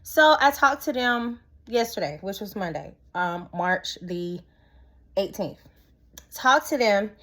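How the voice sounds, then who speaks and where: A young woman telling a personal story to her viewers in a casual, expressive vlog style. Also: medium pitch, takes it slowly. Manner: expressive, talks straight to viewers as "y'all". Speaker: vlogger.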